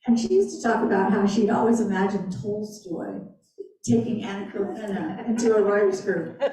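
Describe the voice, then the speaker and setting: A woman author answering audience questions at a library talk, animated and emphatic, often repeating her phrases. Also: medium pitch, moderate pace. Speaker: guest author. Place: library event room. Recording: echoey room, distant mic.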